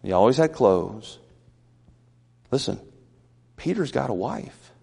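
A man preaching a conversational sermon in a folksy way, building up to loud, emphatic peaks. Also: medium pitch, lively intonation, slow pace, creaky, husky, long reverb tail.

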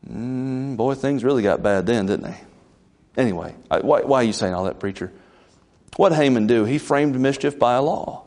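Folksy preacher. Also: male voice, a little mellow. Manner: folksy, conversational preaching with sudden pitch leaps. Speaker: pastor. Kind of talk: sermon.

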